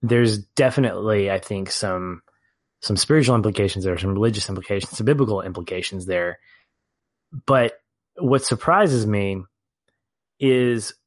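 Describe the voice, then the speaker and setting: A man co-hosting a podcast, talking through a film in casual discussion, animated at times and laughing as he reflects. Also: fairly low pitch, no room sound. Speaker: podcast co-host.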